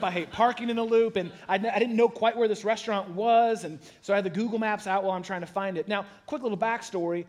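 A man, a pastor, giving a sermon in a casual, conversational way, with animated storytelling and self-deprecating asides. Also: high voice. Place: church sanctuary.

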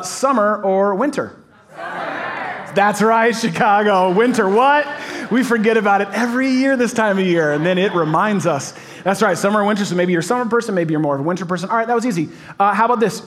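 A pastor giving a casual, playful sermon to a live congregation in a church, chatty and upbeat with frequent laughter. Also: male voice, sits high. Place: church auditorium.

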